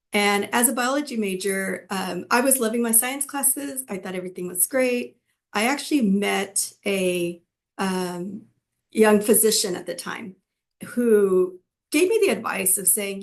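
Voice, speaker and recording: A woman's voice: mid-range voice, vocal fry. A middle-aged woman from California telling her personal story to students in a conversational way, with frequent fillers and restarts. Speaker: physician assistant and educator.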